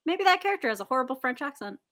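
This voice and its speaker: A woman's voice: sits high, big pitch swings, racing, fairly bright tone. A woman hosting a podcast interview, playful and wry. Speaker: podcast host. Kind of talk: casual interview talk.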